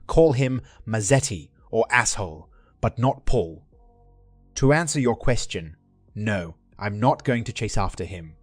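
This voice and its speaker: A man's voice: on the low side, animated, measured pace, dry recording, soft background music. A man reading the lines of an earnest, joking middle-aged husband in a dry, plain voice.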